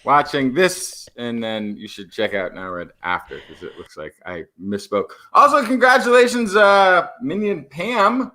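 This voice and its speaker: A man co-hosts a science podcast, tossing out jokes and fillers as he sets up the next story. His voice sits fairly high and swings a lot. His tone is bright and forward. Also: unhurried, hardly any pauses. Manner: animated, jokey, many fillers. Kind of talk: casual science podcast talk.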